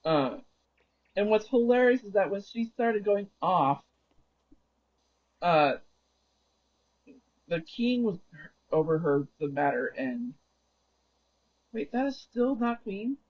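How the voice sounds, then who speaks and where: This gaming livestreamer's voice sits high and is very animated, though he talks slowly and pauses often. While playing, he casually retells a story in a rambling way, correcting himself mid-sentence, and the recording is dull and lo-fi.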